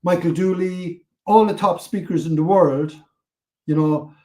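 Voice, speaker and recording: Animated older Irish storyteller, man. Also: high voice, unhurried. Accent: Irish, Cork. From Ireland. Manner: animated, acts out quotes, swears freely. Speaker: podcast guest. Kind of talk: storytelling interview.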